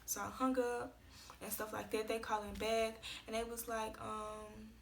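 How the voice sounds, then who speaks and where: A woman's voice: on the high side, flat delivery, unhurried, vocal fry, slight background noise. A young woman vlogger telling an emotional story in a casual, slangy, tearful rush.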